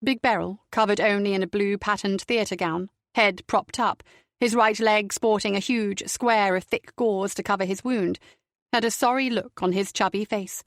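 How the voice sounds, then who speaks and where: A woman narrating a crime novel audiobook in a steady, measured reading. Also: medium pitch, dry recording, studio quality.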